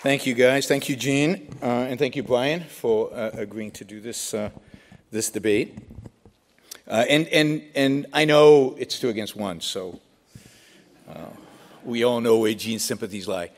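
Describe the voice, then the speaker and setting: A man's voice: medium pitch, unhurried. A man giving a debate speech in an emphatic style, building points with rhetorical questions and repeated phrases.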